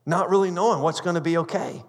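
A man's voice: fairly high pitch, quick pace. Male pastor in a ringing sanctuary. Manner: earnest storytelling, stumbles and repeats words. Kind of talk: sermon with personal story. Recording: long reverb of a large hall.

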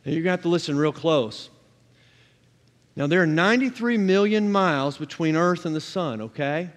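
A man's voice: on the high side, animated, moderate pace, big-room sound. A man preaching a sermon as a pastor, emphatic, with repeated refrains and scripture read aloud.

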